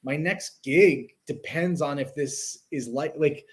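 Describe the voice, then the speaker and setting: A man's voice: on the high side, takes it slowly, slightly rough. A man, a writer, talking in a casual chat with a thoughtful, reflective and somewhat hesitant manner. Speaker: screenwriter and comic writer. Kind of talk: casual conversation.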